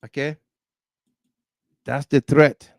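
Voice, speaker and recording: A man with a Liberian accent hosting a political talk livestream, animated, laughing often and reading viewer comments aloud. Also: on the high side, takes it slowly, gravelly, dry recording. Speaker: talk show host.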